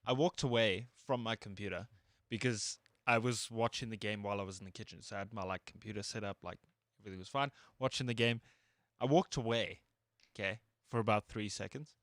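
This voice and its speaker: A man's voice: lowish voice, steady tone, fairly quick, a bit bright, dry recording, clean studio sound. A man co-hosting a sports talk show, speaking in laid-back, slangy casual chat. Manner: laid-back, slangy, says dude and bro a lot. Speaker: co-host.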